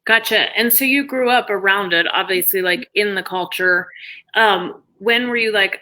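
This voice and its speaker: Woman host, bright forceful tone, upbeat, on a video call. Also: medium pitch, moderate pace, poor audio. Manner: upbeat, enthusiastic, many fillers. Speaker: host, belly dance teacher. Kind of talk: casual video-call interview.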